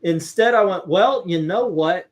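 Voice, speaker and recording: A man's voice: high voice, measured pace. A middle-aged man hosting a casual chat, telling a rambling anecdote with restarts and swearing. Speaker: livestream host.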